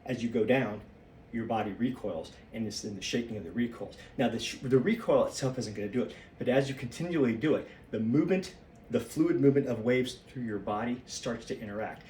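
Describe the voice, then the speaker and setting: A man's voice: mid-range voice, brisk, few pauses, mellow, echoey room, recorded from a distance, a little hiss or hum. A man in his fifties, slightly out of breath, rambling and losing his train of thought as he thinks aloud while shaking his body. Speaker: solo practice vlogger.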